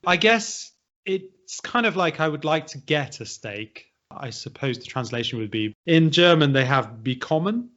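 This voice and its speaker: A man's voice: a little high, animated, unhurried, a bit bright. British man hosting a language chat. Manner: thoughtful, hedging, poses quiz questions. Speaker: podcast host. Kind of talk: casual explanatory chat. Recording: dull lo-fi audio.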